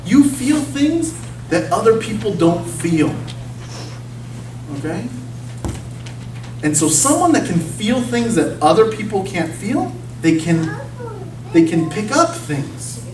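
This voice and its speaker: A man's voice: sits high, sing-song, slow, pauses often, far from the mic, background noise. Man preaching in an echoey church. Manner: conversational, repeatedly checks in with "okay?" and "you see?". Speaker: guest speaker at a church. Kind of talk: informal sermon talk. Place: church sanctuary. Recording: echoey church recorded from afar.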